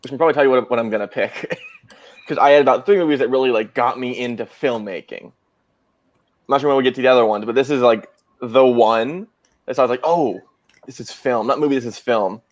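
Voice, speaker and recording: A man's voice: mid-range voice, quick pace. A man chatting casually about a favorite film, enthusiastic and self-mocking. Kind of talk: casual chat. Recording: dull lo-fi audio.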